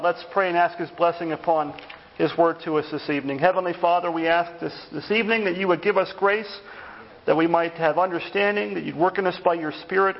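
A man preaching an evening sermon in a church, conversational in tone and animated when he retells stories. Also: sits high, creaky, highs cut off. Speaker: pastor.

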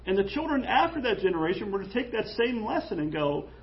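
A man preaching an animated, jokey sermon in church, acting out quoted voices. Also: high-pitched, fast, muffled recording. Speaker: pastor.

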